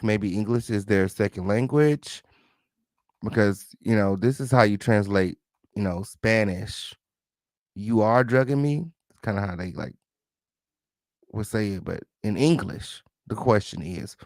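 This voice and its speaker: A man's voice: fairly low pitch, dry recording, clean studio sound. A man hosting an online show, reading court documents aloud to his live chat and commenting on them in a sarcastic, slangy way, with mocking quoted voices. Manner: sarcastic, slangy, talks back to the text.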